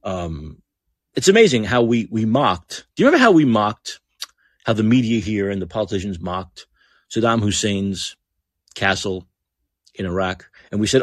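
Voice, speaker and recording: A man's voice: on the low side, sing-song, moderate pace, breathy edge, no room sound, clean studio sound. A man hosting a podcast, delivering blunt, heated political commentary, swearing freely and repeating phrases for emphasis. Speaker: podcast host.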